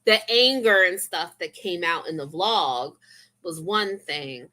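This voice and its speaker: Young woman, vlog chat, rambling and confessional, lower pitch, bright tone. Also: expressive, slow pace. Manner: rambling, confessional, full of fillers. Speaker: vlogger. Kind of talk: casual chat.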